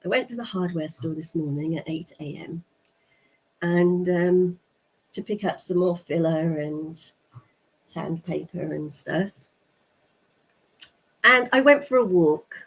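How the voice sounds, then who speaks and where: A woman's voice: on the low side, takes it slowly, pauses often, breathy edge, rough recording. A middle-aged English woman chatting to viewers in a rambling way as she walks outdoors, recorded on a handheld camera. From England. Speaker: vlogger. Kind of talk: casual vlog commentary. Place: outdoors on a walk.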